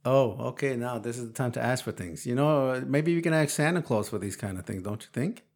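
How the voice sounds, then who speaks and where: Here the podcast-hosting dad, in his forties, talks briskly in a medium-pitched voice with a darkish tone. He playfully tests his young son with questions and keeps teasing him through plenty of laughs.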